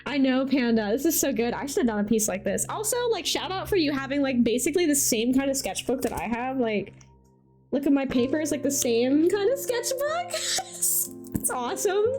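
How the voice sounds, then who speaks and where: Lively high-voiced woman streamer. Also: normal speed, music in the background. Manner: animated, chatty, reacts warmly to viewer art. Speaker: livestream host showcasing community art. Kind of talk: casual live-stream chat.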